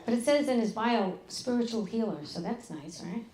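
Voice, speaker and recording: A middle-aged woman with a fairly high voice working a live comedy crowd. She is brash and profane, tossing off deadpan asides between punchlines, and her voice rings around an echoey venue. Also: normal speed, a little hiss or hum. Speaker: stand-up comedian. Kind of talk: live stand-up comedy set. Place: club stage with an audience. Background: audience laughter.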